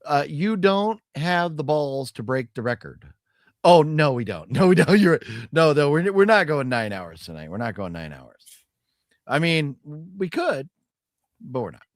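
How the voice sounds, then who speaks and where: A man's voice: fairly high pitch, big pitch swings, measured pace, dry recording, studio quality. A man hosting a casual podcast stream, tipsy from drinking, rambling and joking as he reads out viewer comments. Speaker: podcast host. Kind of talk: casual livestream chat.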